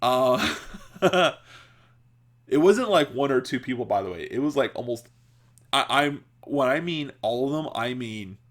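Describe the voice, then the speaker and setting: A man hosting a podcast, telling a story in a casual, rambling way, with frequent laughter, restarts and filler words. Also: mid-range voice. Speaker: podcast host.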